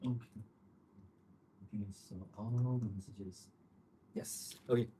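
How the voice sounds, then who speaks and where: A man hosting a casual livestream, answering viewer comments in rambling, relaxed with many fillers and frequent chuckles. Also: lowish voice, slow, breathy edge. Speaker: livestream host.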